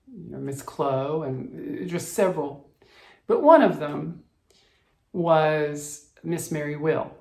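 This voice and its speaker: Gravelly-voiced man telling a childhood story. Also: on the high side, reverberant. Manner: rambling and reflective, with many restarts. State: emotional, choked up. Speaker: cross-stitch vlogger. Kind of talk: personal storytelling.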